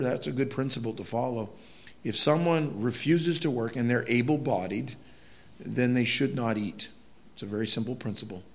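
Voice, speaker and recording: Gravelly-voiced man preaching casually. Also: medium pitch. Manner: conversational preaching with folksy stories and asides. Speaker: pastor. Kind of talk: sermon.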